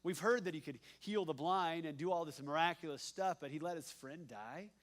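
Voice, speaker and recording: A male pastor preaching a sermon. He swings from hushed, slow lines to loud, emphatic ones, with a repeating cadence and playful asides. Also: a little high.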